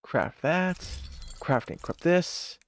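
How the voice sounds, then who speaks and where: A game streamer casually talking through a live stream, reading in-game text aloud, thinking out loud and laughing easily. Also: medium pitch, lively intonation, takes it slowly, slight background noise.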